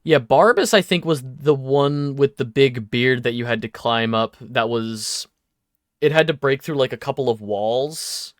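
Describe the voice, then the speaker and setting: A man giving casual let's play commentary, rambling excitably and swearing casually. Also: mid-range voice, unhurried, no echo. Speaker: gaming YouTuber.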